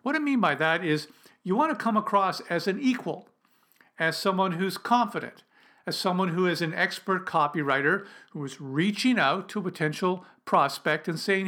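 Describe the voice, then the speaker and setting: A man's voice: high-pitched, moderate pace, sharp tone. A man giving a spoken lesson on cold calling for copywriters, talking in a conversational, emphatic way and often restarting his sentences. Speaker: copywriting instructor. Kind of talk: spoken lesson with role-played calls.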